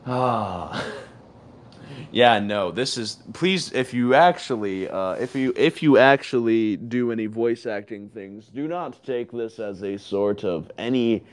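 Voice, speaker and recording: A man's voice: on the low side, expressive, slow. A man hosting a casual audio chat, rambling in an ironic, self-mocking way. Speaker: host of an audio chat room.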